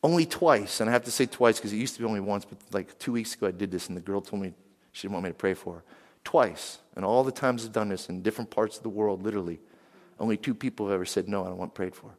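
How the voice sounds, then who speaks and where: A man from western Pennsylvania preaching a sermon, lively, and he keeps asking the crowd questions. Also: lowish voice, fast talker. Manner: animated, asks the crowd questions. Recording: long hall reverb.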